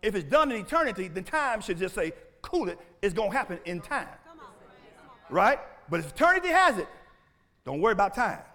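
Animated preacher man, high lively voice. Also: brisk. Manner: animated preaching, rising to shouts; asks the congregation questions. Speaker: pastor. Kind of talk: sermon.

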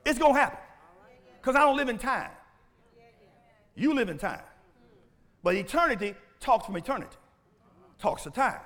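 A man preaching to his congregation in an animated sermon. His voice sits very high and swings widely. He keeps asking the room questions and breaks into shouts. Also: moderate pace, pauses often. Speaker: pastor.

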